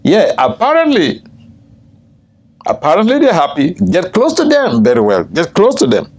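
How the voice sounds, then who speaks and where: An older man, a swami, teaching a scripture class, telling stories with frequent chuckles and jumping high in pitch when quoting people. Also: wildly swooping pitch, moderate pace, husky. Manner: storytelling, chuckles often, jumps high in pitch for quoted speech. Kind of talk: scripture class with personal anecdotes. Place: temple room.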